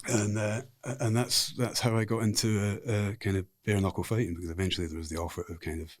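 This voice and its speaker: Deep husky Scottish man. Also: level tone, fast, no room sound, studio quality. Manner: frank, rambling anecdotal storyteller. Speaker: podcast guest. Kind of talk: casual storytelling interview.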